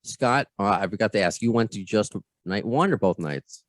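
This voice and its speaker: A man's voice: fairly low pitch, expressive, moderate pace, dry recording. An American man hosting a podcast interview over a video call, chatty and self-deprecating, often repeating his words. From United States. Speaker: podcast host.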